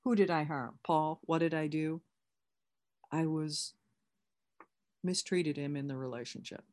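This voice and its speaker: A woman's voice: low voice, measured pace, darkish tone. A woman leading an online recovery workshop, talking candidly and conversationally with many restarts.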